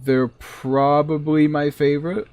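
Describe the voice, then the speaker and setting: A man's voice: a little high, level tone, measured pace, a little mellow, clean tone, no echo. A man with a Massachusetts accent chatting casually while streaming a game, rambling and chuckling between asides. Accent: New England (Massachusetts). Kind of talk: casual chat while gaming.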